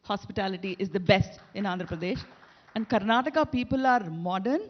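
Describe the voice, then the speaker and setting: A woman from South India, listing points in a lively, wry way. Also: medium pitch, fairly quick, dull audio. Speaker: panelist.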